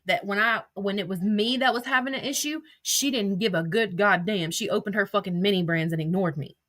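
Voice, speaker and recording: A woman's voice: mid-range voice, fairly bright tone, dry recording. Fired-up woman ranting live. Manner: heated, profane, rapid rants. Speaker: livestreamer. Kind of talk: livestream, reading texts aloud.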